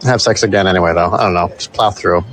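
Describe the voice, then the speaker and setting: A man casually telling a story in a voice note, animated and swearing freely, from the United States. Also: low voice, fast talker, slight background noise, poor audio.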